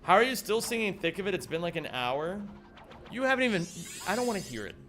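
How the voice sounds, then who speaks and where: A man streaming a game, bantering with his chat in a slightly high voice. He reads viewer messages aloud and answers them with playful, mock-indignant outbursts. Clear music plays underneath him. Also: very animated, fast, fairly bright tone. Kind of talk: live-stream chat while gaming. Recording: music playing behind the voice.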